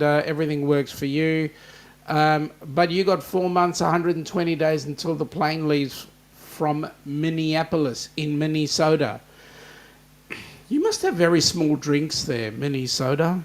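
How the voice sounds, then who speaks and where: An Australian man hosting a casual live-stream chat, joking and greeting viewers by name. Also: on the high side. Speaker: host.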